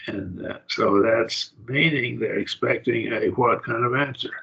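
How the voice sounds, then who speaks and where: A man teaching a Bible Greek grammar class over a video call, explaining slowly and asking his students questions. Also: mid-range voice, gravelly, pushed and bright. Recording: dull lo-fi call audio.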